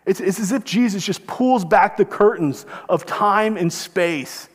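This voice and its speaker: A man's voice: high-pitched, unhurried, in a large hall. A man preaching a sermon as pastor, earnest and emphatic, rising and dropping his voice for stress.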